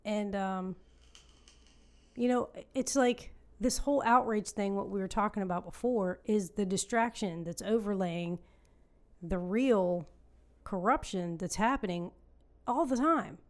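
A woman's voice: mid-range voice, unhurried. A woman co-hosting a casual political podcast, often restarting her sentences and reading aloud from a report. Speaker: podcast co-host.

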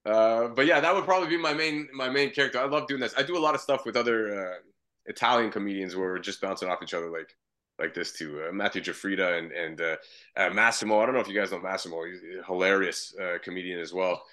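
A man's voice: on the low side, fast talker, bright, forceful tone. A man from Canada, a comedian and voice actor, talking easily as a podcast guest with many restarts. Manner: easygoing, rambling, with frequent restarts. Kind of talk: casual interview chat.

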